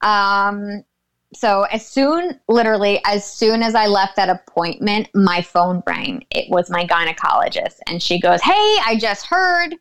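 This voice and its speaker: Young woman, podcast guest, clear smooth voice, lively storyteller who acts out quotes. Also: medium pitch, a little slow. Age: young adult. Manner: animated storytelling, laughs often, acts out quotes. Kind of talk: casual chat.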